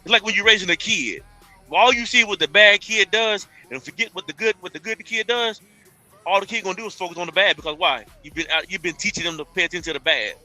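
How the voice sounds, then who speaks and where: Male panelist, quick and piercingly bright, emphatic with many restarts. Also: sits high, faint music behind. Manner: emphatic, stumbles and restarts while arguing. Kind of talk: casual debate chat.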